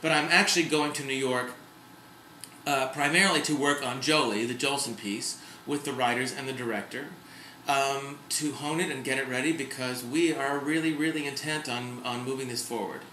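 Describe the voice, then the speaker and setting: A man's voice: mid-range voice, steady tone, moderate pace, slight background noise. A middle-aged man talking candidly to his camera at home in a casual vlog. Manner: chatty and candid, with sudden loud outbursts. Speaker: vlogger. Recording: echoey room.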